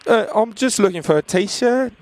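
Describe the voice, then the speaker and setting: A man putting on the voice of a polite British tourist on holiday for a prank phone call, halting and repeating himself. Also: high-pitched, lively intonation, a little mellow, a little hiss or hum, voice pushed up. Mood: fumbling.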